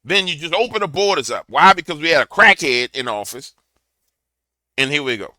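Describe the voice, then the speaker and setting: A man's voice: on the high side, lively intonation, a little fast, bright, forceful tone, dry recording. A man giving a preachy political commentary to a camera, telling a fiery story. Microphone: camera mic.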